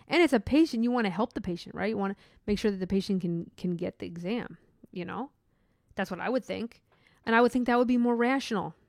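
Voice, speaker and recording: A woman's voice: medium pitch, no room sound. Earnest rambling woman, dry sound. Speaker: hospital MRI worker. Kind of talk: casual spiritual monologue.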